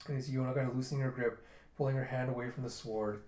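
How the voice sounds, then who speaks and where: A man talks through a story in an easy, offhand recap, pitched right in the middle for a man's voice. He keeps it loose and conversational with the odd "kind of" and "um", and the sound bounces around a roomy space. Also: fairly even intonation, racing, a little mellow. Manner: loose, chatty retelling with fillers. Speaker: manga reader and reviewer. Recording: roomy echo.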